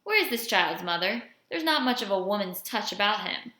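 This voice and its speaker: A caring mother figure with a quick scolding streak, read by a woman. She fusses over a thin boy and chides her joking father. The voice has a roomy ring around it. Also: mid-range voice, big pitch swings, sharp tone. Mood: indignant. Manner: fussing, indignant, then tender. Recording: roomy echo.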